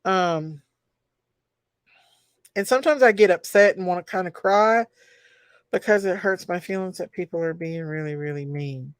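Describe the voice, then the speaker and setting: Lady hosting a live stream, smooth clear voice, dry close sound, chatty and gets emotional, says hi to folks by name. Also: fairly low pitch, moderate pace, long pauses, no echo. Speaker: livestream host. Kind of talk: casual livestream chat reading comments.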